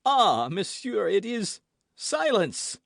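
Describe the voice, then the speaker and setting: A man doing a shrill frightened lackey. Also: sing-song, takes it slowly, gravelly, a bit bright, no echo, clean studio sound, heavily acted. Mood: panicked. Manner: shrill and yelping. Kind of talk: audiobook character voice.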